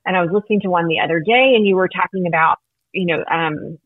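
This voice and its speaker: A woman's voice: on the low side, fast talker, no room sound. A woman guest in a faith-based podcast conversation, talking in an earnest, reflective, storytelling way over a call line. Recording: tinny phone line.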